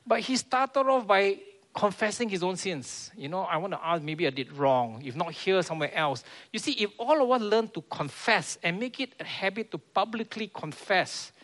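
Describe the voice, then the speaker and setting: A man's voice: high-pitched, fairly bright tone. A man preaching a sermon in a church, earnest and repeating his key phrases.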